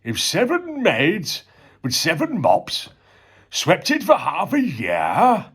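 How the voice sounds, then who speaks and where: Storybook voice: man playing a sly old walrus, husky, raised pitch, big sweeping delivery. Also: huge pitch swings, slow, a bit bright, heavily acted. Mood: coaxing. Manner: coaxing and theatrical, lifting to a higher voice. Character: smooth-talking, sentimental old male walrus.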